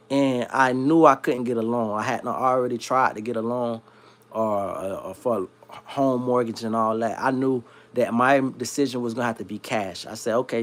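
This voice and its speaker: A man from South Florida who hosts a livestream, telling a long story in a slangy, rambling, animated way. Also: mid-range voice. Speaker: livestream host. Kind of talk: casual storytelling.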